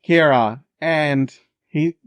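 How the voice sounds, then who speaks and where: A man's voice: on the high side, extremely slow, clear, resonant tone, dry recording. Man running a tabletop game. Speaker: game master.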